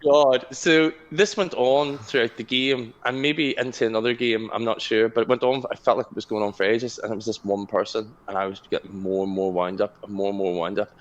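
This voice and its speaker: A man's voice: lowish voice, level tone, brisk, hardly any pauses, highs cut off. A young man co-hosting a casual podcast chat, telling a story with energy, swearing and laughing often. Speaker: podcast co-host.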